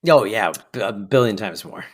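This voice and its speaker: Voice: deep voice, lively intonation, moderate pace. Enthusiastic podcast co-host. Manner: enthusiastic, laughs while retelling scenes. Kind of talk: casual chat recapping an episode.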